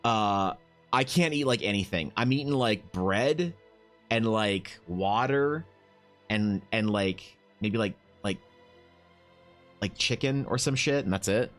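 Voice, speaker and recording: A man's voice: fairly low pitch, expressive, slow pace, fairly bright tone, soft background music. A man chatting casually on a livestream, rambling with lots of fillers and casual swearing, reading chat and talking to his dog. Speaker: art streamer.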